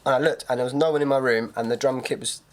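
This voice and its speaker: A young man co-hosting a podcast, his voice sitting right in the middle of the range. He tells his stories in a relaxed, easygoing way and laughs easily. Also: medium pitch, fast talker. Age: young adult. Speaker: podcast co-host. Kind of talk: casual chat.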